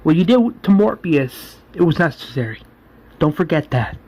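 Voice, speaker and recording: A man voicing a loyal henchman who reassures his leader in a quick voice. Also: fairly high pitch, expressive, lo-fi sound.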